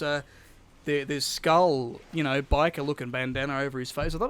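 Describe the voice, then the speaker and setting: A man's voice: a little high, fairly quick, a bit bright, clear, resonant tone. A man co-hosting a casual podcast, rambling through stories with plenty of swearing. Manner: rambling storyteller, swears a lot. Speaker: podcast co-host.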